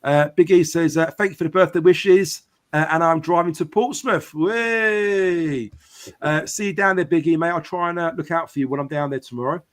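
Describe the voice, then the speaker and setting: Chatty English football podcast host. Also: male voice, on the high side, normal speed. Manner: chatty, reads out viewer comments and answers them. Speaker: podcast host reading live chat. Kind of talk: casual live-stream chat.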